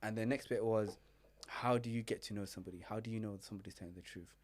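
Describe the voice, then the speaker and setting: A man's voice: lowish voice, quick pace. A young man, a relationship coach chatting casually on a podcast and acting out his friends' voices as he tells stories. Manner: animated storyteller, acts out friends' voices.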